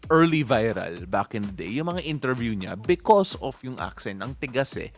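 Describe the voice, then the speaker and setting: Filipino man, morning news co-host, very animated pitch, faint music underneath, playful code-switching. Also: brisk. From Philippines. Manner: playful, switching between English and Tagalog. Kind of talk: casual news banter.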